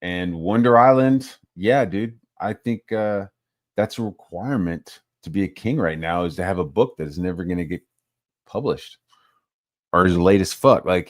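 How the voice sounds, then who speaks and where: A channel host with a low-pitched voice rants casually about online drama at a moderate pace. He swears a lot and is animated, mocking other people in put-on voices. The studio recording is clean, with no room sound.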